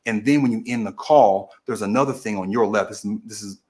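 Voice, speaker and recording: A man with a lowish, slightly mellow voice talks briskly while hosting a political stream, recorded on camera video. Casual and methodical, he steps through a process piece by piece, often restarting sentences and correcting himself partway through.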